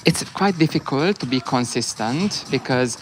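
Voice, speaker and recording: A man's voice: medium pitch, animated, normal speed. A man in his thirties, a hairdresser, chatting in a bubbly, rambling way and laughing often. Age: 30s. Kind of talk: casual chat. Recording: noisy background.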